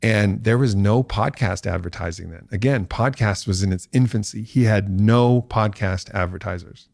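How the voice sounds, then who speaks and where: A man's voice: lowish voice, moderate pace, creaky, a little mellow, no echo, studio quality. A man as a podcast guest, telling a long story and acting out the voices of people he quotes.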